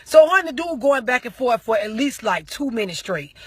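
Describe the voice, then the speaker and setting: A woman vlogger telling a story as an animated rant, full of slang and heavy profanity. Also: on the high side, brisk, hardly any pauses, breathy edge, no room sound.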